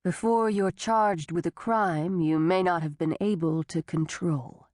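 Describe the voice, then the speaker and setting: A woman doing a calm, condescending male doctor. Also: lowish voice, a little slow, dry recording, clean studio sound, natural voice. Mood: clinical. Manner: calm, clinical, patronizing.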